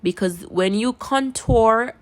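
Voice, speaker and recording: A woman's voice: fairly high pitch, slow pace. A woman with a Jamaican accent talking casually through a makeup tutorial into a phone camera, chatty and repeating words for emphasis. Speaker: makeup vlogger.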